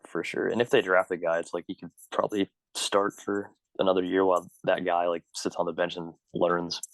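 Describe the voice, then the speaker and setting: A young man with a very deep, flat voice talks sports on a podcast and throws in dry, wry one-liners. He stays level and even. The sound is close and dry. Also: fairly quick, no echo, low-quality recording. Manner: short wry quips. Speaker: podcast co-host. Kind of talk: casual sports chat.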